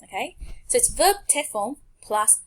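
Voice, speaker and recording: With a fairly high voice that swings widely in pitch, a woman teaches a language lesson over slides. She's clear and patient, pausing so her learners can repeat after her.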